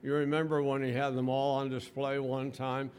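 A man's voice: mid-range voice, level tone, normal speed, darkish tone, clean tone. An older man from the United States preaching a sermon in church, talking in a folksy, conversational way and speaking to his congregation directly.

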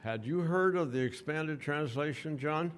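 A man's voice: fairly high pitch, measured pace, a little hiss or hum. An older man from the United States preaching a sermon in church, talking in a folksy, conversational way and speaking to his congregation directly.

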